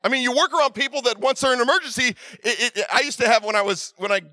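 A middle-aged man preaching a sermon, telling stories with many restarts and swinging from loud urging to quiet asides. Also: very high voice, racing, no room sound, studio quality. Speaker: pastor.

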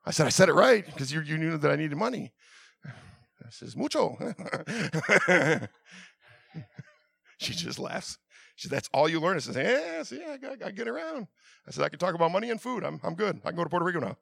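A middle-aged man preaching a sermon, telling stories with many restarts and swinging from loud urging to quiet asides. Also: fairly high pitch, very animated, normal speed, gravelly, long pauses, breathy edge. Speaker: pastor.

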